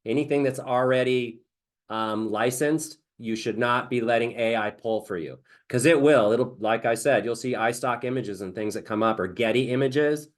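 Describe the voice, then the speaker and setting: A man presenting in a webinar, explaining software step by step in a chatty way. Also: mid-range voice, moderate pace. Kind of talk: casual presentation.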